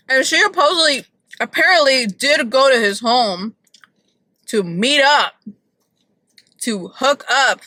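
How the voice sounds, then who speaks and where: A woman's voice: high voice, animated, slow pace, pauses often, pushed and bright, no room sound, low-quality recording. A woman vlogging from her car, chatting casually and opinionatedly about celebrity gossip with lots of "like".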